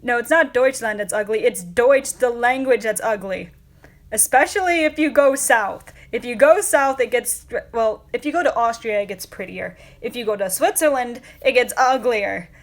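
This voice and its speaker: A woman's voice: a little high, moderate pace. A woman hosting a casual livestream, chatting with viewers in a rambling way with many fillers and frequent laughs. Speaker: livestream host.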